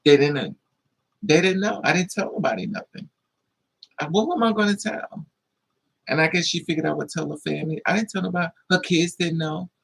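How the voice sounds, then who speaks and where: A man with a husky, gravelly voice that sits a little high tells a personal story to his live viewers. He talks casually and bluntly, swears freely and speaks with a lot of feeling. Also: brisk, fairly bright tone, low-quality recording. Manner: blunt, profane, emotional storytelling. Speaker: livestream host.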